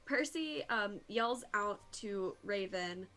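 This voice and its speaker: A woman's voice: mid-range voice, expressive, slow pace, bright, forceful tone. A woman player in a tabletop game, narrating her character's actions while searching aloud. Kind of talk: casual tabletop game chat.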